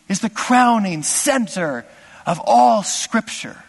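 A man preaching a sermon as pastor, impassioned, swinging from loud exclamations to hushed asides. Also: sits high, expressive, moderate pace, slightly rough, in a large hall.

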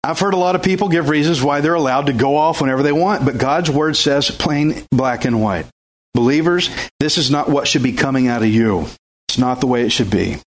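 A man's voice: medium pitch, brisk. A man preaching a sermon to a congregation, emphatic and exhorting, with rhetorical questions. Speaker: pastor.

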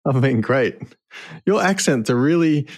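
A man's voice: medium pitch, animated, measured pace, no room sound, studio quality. An Australian man chatting casually as a co-host, rambling and laughing with lots of "like". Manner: rambling, laughing, heavy use of "like". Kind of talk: casual chat.

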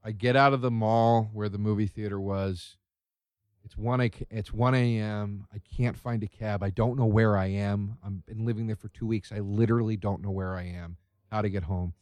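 A man from Philadelphia hosting a podcast, telling a story in an animated, casual way and swearing freely. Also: on the low side, normal speed, no echo. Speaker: podcast host. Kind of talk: casual chat.

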